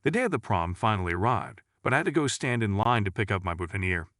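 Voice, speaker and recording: A man reading jokes aloud in a lively, storytelling way. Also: lowish voice, fast talker, dry recording, studio quality. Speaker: joke narrator. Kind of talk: scripted joke reading.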